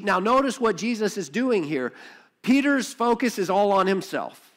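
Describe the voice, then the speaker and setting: A man's voice: high-pitched, big pitch swings, normal speed, a bit bright. A man preaching a sermon as pastor, building intensity with repetition and acting out biblical dialogue in quoted voices.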